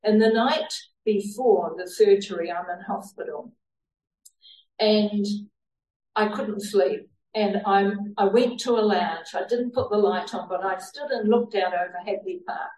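A church member, a woman with a medium-pitched, slightly slow and mellow voice, shares her faith testimony earnestly, laughing now and then. A distant mic gives the recording a roomy sound.

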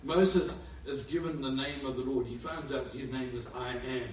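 A man preaching a sermon with animated storytelling, who lives in Africa. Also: mid-range voice, moderate pace, a little hiss or hum. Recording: echoey room, far from mic.

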